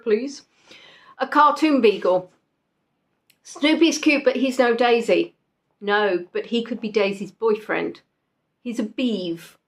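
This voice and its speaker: Quiz host: young woman, chatty and playful, voice sitting a little high. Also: takes it slowly, pauses often. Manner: chatty, reads out answers, jokes with players. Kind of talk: casual live quiz chat.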